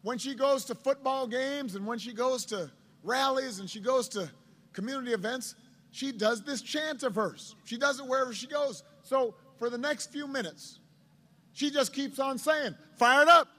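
A middle-aged man, a politician, telling a story in a speech to a crowd, with a halting delivery full of repeated words. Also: extremely high pitch, fairly bright tone.

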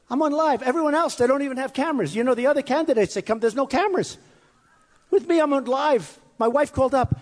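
A man's voice: very high voice, expressive, fairly quick. Rambling boastful man in an echoing hall. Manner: rambling, boastful, repeats himself. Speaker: candidate speaking at a campaign event. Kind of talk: off-the-cuff campaign speech. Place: large hall with a crowd. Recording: long hall reverb.

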